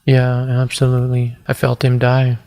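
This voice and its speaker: A man in his forties telling his personal story as a podcast guest, earnest and halting, with many restarts. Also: medium pitch, completely flat delivery, creaky, dark tone, smooth. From United States. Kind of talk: personal testimony in an interview.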